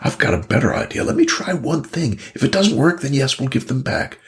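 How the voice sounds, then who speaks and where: A man voicing a cunning young witch princess in a high, sly falsetto. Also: big pitch swings, a little fast.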